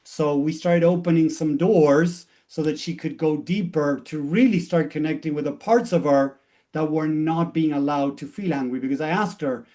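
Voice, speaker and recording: A man with a somewhat high-pitched voice gives a motivational talk as a mindset coach. He explains things patiently and step by step. He keeps slipping into quoted back-and-forth from his client sessions. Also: normal speed, a little mellow.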